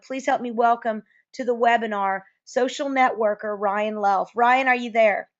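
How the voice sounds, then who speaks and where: A woman hosting a sales webinar, upbeat and effusive, talking quickly with fillers. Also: on the high side, steady tone, muffled recording. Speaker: webinar host.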